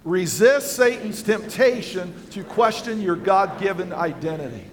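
A man's voice: sits high, measured pace, hardly any pauses. A man preaching a sermon as pastor in a church, emphatic and passionate, repeating phrases for stress. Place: church sanctuary with congregation.

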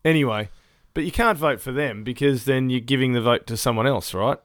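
A man's voice: medium pitch, fairly quick, no room sound, clean studio sound. A man co-hosting a podcast in casual chat, ranting and swearing freely, often laughing mid-sentence. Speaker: podcast co-host.

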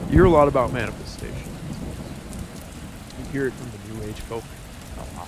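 A man's voice: mid-range voice, expressive, fairly quick, pauses often, background noise. A man giving an earnest, philosophizing monologue, thinking aloud with asides and fillers. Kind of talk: reflective motivational monologue.

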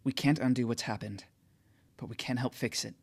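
A man voicing a kind, supportive teenage girl in an audiobook, speaking softly and encouragingly. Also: mid-range voice, steady tone, brisk, vocal fry. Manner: soft, encouraging.

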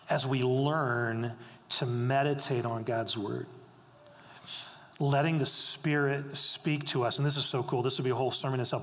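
A man's voice: on the high side, a bit bright. A middle-aged man preaching a sermon as pastor, earnest, repeating phrases for emphasis. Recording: long reverb of a hall.

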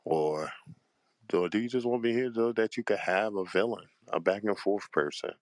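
A man with a very deep voice delivers an angry, profanity-laden rant as a panel host. He sounds heated and exasperated, at times drawn out and weary. The sound is dry and close. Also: normal speed, no room sound.

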